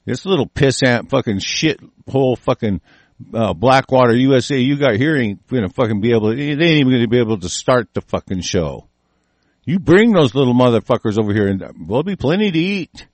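A man's voice: medium pitch, expressive, a little fast, no room sound. A man delivering an angry, profane political rant, combative and swearing constantly. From United States.

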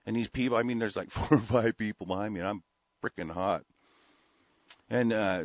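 A man's voice: medium pitch, quick pace, a bit bright, no echo. A middle-aged or older man hosting a talk radio show, telling stories in a blunt, profane, rambling way full of restarts. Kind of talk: rambling storytelling and political rant on talk radio. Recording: dull, lo-fi, dry radio broadcast audio.

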